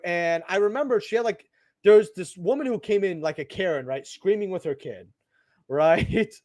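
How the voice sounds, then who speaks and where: A man's voice: high voice, no room sound, studio quality. A young man hosting a card-opening video, telling a rambling workplace story in casual chat with lots of asides and "right?" tags. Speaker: channel host opening trading cards.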